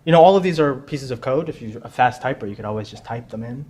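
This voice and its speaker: A man's voice: medium pitch, lively intonation, fast talker, darkish tone, slightly rough. A man hosting a pub quiz at a tech conference, chatty and joking, often repeating himself. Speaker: quiz host. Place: conference room with audience.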